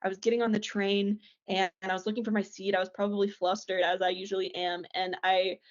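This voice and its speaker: A woman's voice: medium pitch, flat delivery, fast talker. Chatty young woman on dull lo-fi audio. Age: young adult. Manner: chatty, self-deprecating, many fillers. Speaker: guest. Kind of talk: casual podcast chat over a call.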